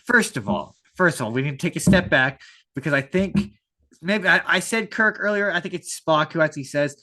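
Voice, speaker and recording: A man's voice: a little high, expressive, fairly quick, pushed and bright. A man from Canada co-hosting a podcast in casual chat, easygoing and agreeable. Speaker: podcast co-host.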